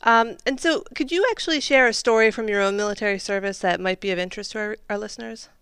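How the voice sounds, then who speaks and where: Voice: medium pitch, quick pace, a bit bright, smooth, no room sound, clean studio sound. A podcast host interviewing a guest, encouraging with frequent affirmations. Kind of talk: conversational interview.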